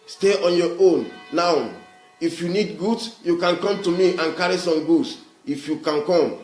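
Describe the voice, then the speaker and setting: Nigerian male livestream host, preachy and repetitive, higher pitch, echoey room. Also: a little slow, darkish tone, faint music behind. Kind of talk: livestream address to viewers.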